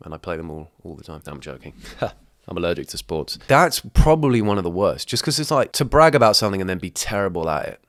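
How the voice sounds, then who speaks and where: A young man hosting a reaction video, rambling in crude, self-mocking jokes with sudden loud outbursts. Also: low-pitched, big pitch swings, fast. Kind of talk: casual comedic reaction commentary.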